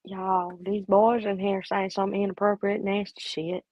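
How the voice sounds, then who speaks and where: A woman's voice: medium pitch, flat delivery, a little slow, no room sound, dull audio. A woman hosting a casual live chat, talking playfully and answering viewers. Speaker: livestream host.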